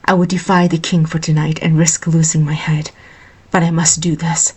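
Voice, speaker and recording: A woman voicing a devoted young male royal guard in a storybook reading, speaking softly and earnestly. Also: on the low side, steady tone, normal speed, husky. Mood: tender.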